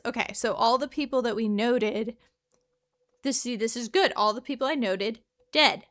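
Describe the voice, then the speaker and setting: A game streamer with a fairly high, fairly bright voice speaks at normal speed while playing a detective game. Her casual commentary is chatty and joking, and she laughs often.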